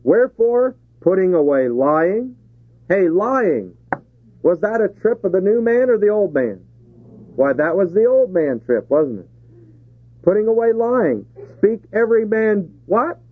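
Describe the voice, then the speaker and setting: A man's voice: sits high, a little slow, breathy edge, dry recording. Tinny old tape of a preaching man. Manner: lively preaching with rhetorical questions and chuckles. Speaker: pastor. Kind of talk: sermon. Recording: tinny phone-like 1970s tape.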